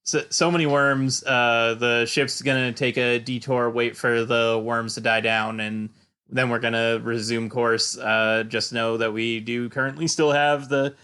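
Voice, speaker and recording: A man's voice: mid-range voice, level tone, a little slow, pushed and bright, clean tone. A man running a tabletop role-playing game, narrating casually and explaining the rules. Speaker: game master.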